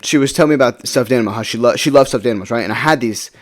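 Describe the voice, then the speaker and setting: A young man rambles through a casual storytime vlog. He talks fast and keeps tagging his sentences with "right?". His pitch sits mid-range for a man. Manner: rambling, many fillers like "right?".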